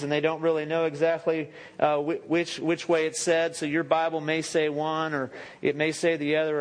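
A man preaching a sermon as pastor, speaking conversationally with joking asides and self-corrections. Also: fairly high pitch. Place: church sanctuary. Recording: echoey church hall with long reverb.

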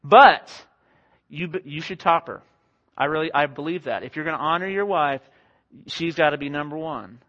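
A young married man preaching a sermon to a congregation in a conversational, self-deprecating way, slipping into quick acted-out quotes. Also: a little high, pushed and bright. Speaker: pastor. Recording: dull lo-fi sound.

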